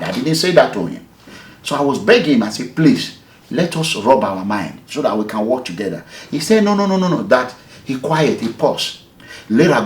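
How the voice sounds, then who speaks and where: In an interview, a Nigerian activist and movement leader from Edo State tells his story in a lively, swooping, mid-range voice, animated and emphatic as he acts out the dialogue of each exchange. The echoey room gives his voice a noticeable echo.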